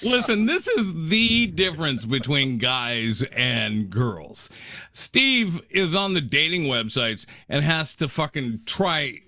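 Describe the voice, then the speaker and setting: Slow, bright-voiced swearing podcast host. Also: male voice, on the high side, sing-song, no room sound. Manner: crude, swears freely, teasing. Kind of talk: casual chat.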